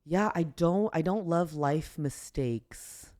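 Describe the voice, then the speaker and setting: In a casual podcast conversation, a guest comedian speaks slowly in a low, slightly mellow voice. She's tearful yet chatty, mocking herself and leaning heavily on "like."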